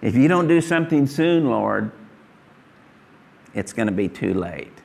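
A man's voice: medium pitch, very animated, a little slow, creaky, darkish tone. A middle-aged man preaching a sermon emphatically, acting out pleading prayers to God. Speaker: pastor.

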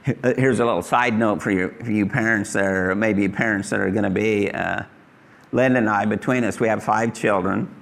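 A man's voice: on the low side, fairly even intonation, normal speed, creaky. A middle-aged man preaching a sermon emphatically, acting out pleading prayers to God. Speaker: pastor.

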